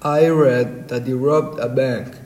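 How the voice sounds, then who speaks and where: A man playing a touchy young man who is quick to anger, in an amateur class radio play, reading his lines slowly and deliberately. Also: mid-range voice, steady tone, a little mellow, close to an everyday voice. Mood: gossipy. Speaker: student actor. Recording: echoey room.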